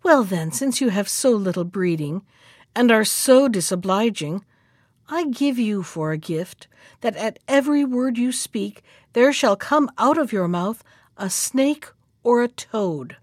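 A woman playing a calm, stern fairy. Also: fairly high pitch, measured pace, no room sound, clean studio sound. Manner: calm, even-tempered. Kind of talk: storybook reading.

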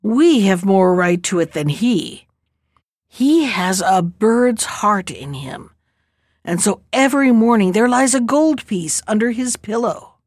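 A woman's voice: medium pitch, expressive, slow, a little mellow, no room sound, clean studio sound. A woman voicing a grim, scheming old witch.

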